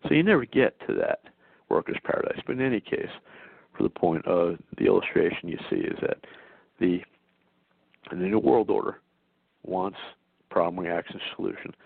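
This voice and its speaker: A man's voice: deep voice, moderate pace, creaky, long pauses, no echo. A male host giving an insistent political commentary monologue, full of stammering restarts. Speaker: talk show host. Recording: dry tinny phone-like sound.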